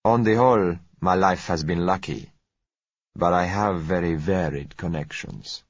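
A man voicing a smooth, polite South American businessman who speaks gently and unhurriedly, in a dull lo-fi recording. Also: low voice, a little slow, dry recording. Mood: suave.

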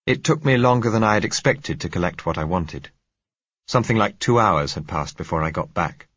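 A man narrating a novel in first person, in a measured, reflective way. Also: deep voice, lively intonation, a bit bright, slightly rough, no room sound, muffled recording. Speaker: audiobook narrator.

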